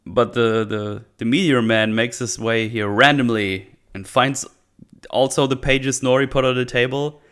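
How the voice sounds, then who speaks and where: A man casually recapping a TV episode, sarcastic and swearing a lot, acting out characters in quick silly voices. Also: mid-range voice, a bit bright, clear, resonant tone. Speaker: show host. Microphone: desk microphone on an arm.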